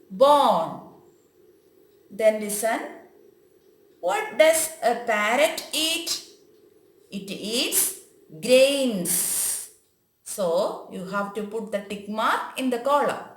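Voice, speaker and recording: A woman's voice: sits high, a bit bright. Woman, teacher, exaggerated sing-song questions, very echoey room. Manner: slow, deliberate, exaggerated questions and animal sounds. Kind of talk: online class for young children.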